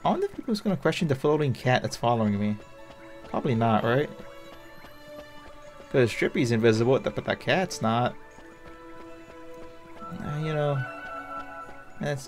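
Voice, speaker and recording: A let's play host quietly musing to themselves in casual gameplay commentary. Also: medium pitch, expressive, moderate pace, long pauses. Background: game music.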